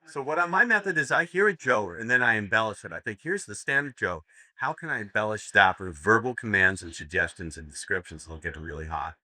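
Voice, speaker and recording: A man's voice: fairly low pitch, expressive, fairly quick, pushed and bright, dry recording, studio quality. A man giving a live seminar talk, telling crude jokes as stories and laughing at his own punchlines. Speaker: seminar speaker. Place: seminar room with audience.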